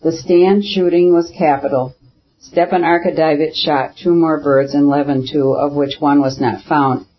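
Man, audiobook narrator, slightly high voice, measured even reading, dull lo-fi recording. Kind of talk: scripted narration of a classic novel.

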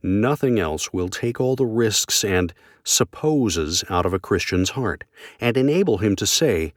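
A man reading a devotional text aloud in a measured, solemn, formal manner. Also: mid-range voice, expressive, no echo. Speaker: reader of a devotional book. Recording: dry close recording.

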